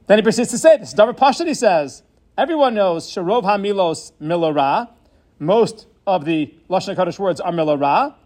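Un homme à la voix aiguë qui enseigne. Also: male voice, sits high, a little mellow. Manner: measured, explanatory, mixes in Hebrew terms. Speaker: Torah teacher. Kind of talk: Torah lecture on Hebrew grammar.

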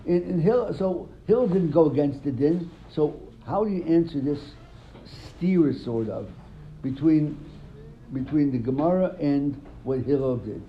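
A man's voice: a little high, expressive, a little slow, a little hiss or hum. A man teaching a Talmud class, quizzing his students and retelling stories animatedly, often repeating words. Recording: dull lo-fi sound, faint room ambience.

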